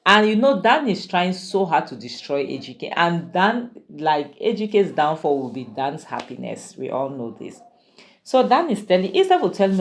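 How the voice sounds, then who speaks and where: A woman retelling a drama series in a relaxed, gossipy way. Her voice sits low, and she throws in exclamations and opinions as she goes. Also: normal speed. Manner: chatty and opinionated, with exclamations and asides. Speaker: drama reviewer. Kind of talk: casual spoken recap of a drama series.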